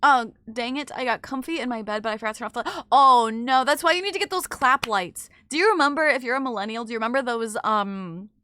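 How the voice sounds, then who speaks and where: A woman's voice: a little high, fast talker, hardly any pauses, bright, forceful tone, dry recording, clean studio sound. A woman streamer in casual chat, reading viewer messages aloud and often trailing off with filler. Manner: chatty, filler-heavy, trailing off with "I don't know". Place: in bed at home.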